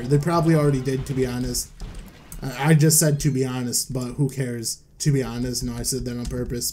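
A man's voice: medium pitch, warm tone, slight background noise. A young man rambling through casual gameplay commentary at home, self-deprecating and trailing off, holding back coughs while his voice cracks. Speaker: gaming YouTuber. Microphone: desk mic.

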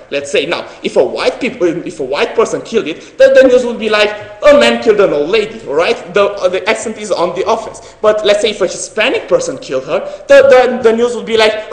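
A young man from Romania giving a competitive debate speech, earnest and halting, with frequent restarts and fillers. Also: high-pitched. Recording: echoey hall.

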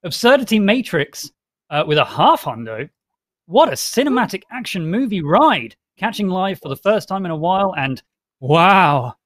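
A man hosting a casual livestream chat, reading donation messages aloud with quick laughs. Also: high-pitched, big pitch swings, a bit bright, dry recording.

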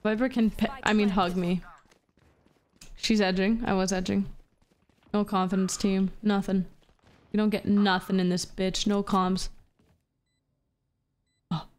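A woman's voice: medium pitch, flat delivery, a little slow, pauses often, darkish tone. A woman streamer chatting casually with her live chat while gaming, profane, playful and flirty. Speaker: VTuber streamer.

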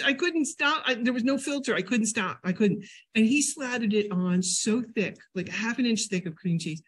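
An older woman from New England giving a casual health talk at a library, a chatty, animated storyteller. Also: medium pitch, moderate pace, husky. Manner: chatty, animated storyteller with sudden loud jumps and laughs. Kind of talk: casual lecture with personal stories.

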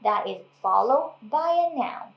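A woman from Thailand casually teaching language, explaining patiently and repeating words slowly. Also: medium pitch, expressive, creaky, roomy sound, highs cut off.

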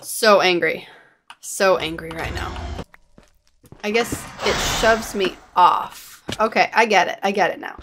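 A woman's voice: a little high, a bit bright, a little hiss or hum. A woman giving running commentary on her own gameplay, exasperated and self-mocking as she fails and retries. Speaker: gaming channel host.

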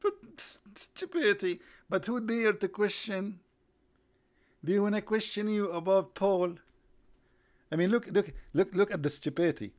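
A man hosting a live online broadcast, mocking his subject with sarcastic rhetorical questions, repetition and bursts of laughter. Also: sits high. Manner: rhetorical, repeats himself.

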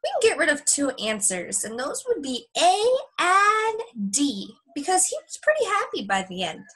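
A young woman teacher at home, recording a lesson and reading a story aloud to young kids in a chatty, lively way. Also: high-pitched, moderate pace, rough recording.

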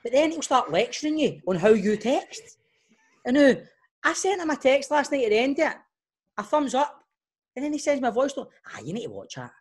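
A man with a Scottish accent, a co-host who tells animated, teasing stories about his friends. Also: extremely high pitch, a little fast. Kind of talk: casual banter.

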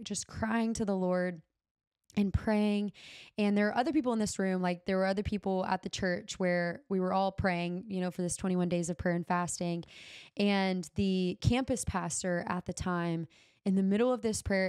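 A woman's voice: medium pitch, darkish tone, smooth, no room sound, clean studio sound. A young woman hosting a podcast, telling a personal story in an earnest, heartfelt way and dropping the odd "y'all". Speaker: podcast host.

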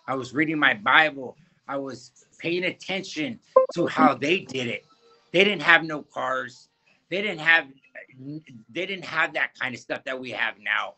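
A man giving a fervent personal faith testimony in an interview, halting and often repeating his words. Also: medium pitch, sharp tone, a little hiss or hum, low-quality recording.

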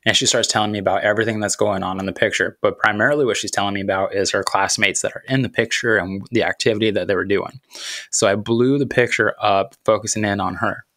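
A man's voice: on the low side, fairly even intonation, sharp tone, dry recording, studio quality. A man in his thirties, a podcast host telling a personal story about faith and parenting in an earnest, reflective way. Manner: earnest, reflective, unhurried, with thoughtful pauses.

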